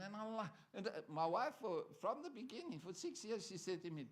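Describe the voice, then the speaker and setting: High-voiced male preacher, joking. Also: sing-song, a little fast, few pauses. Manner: conversational, joking with the congregation. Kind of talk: sermon. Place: church.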